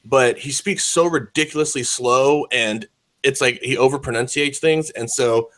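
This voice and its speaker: A man's voice: mid-range voice, normal speed, a bit bright. A man co-hosting an online discussion show, rambling in casual chat with a lot of swearing and filler words. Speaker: podcast co-host.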